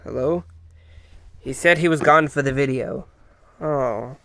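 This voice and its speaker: A man stammering through a slow bickering skit. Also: mid-range voice, fairly bright tone, dry recording. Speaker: comedy video creator voicing several characters. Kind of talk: casual comedy skit.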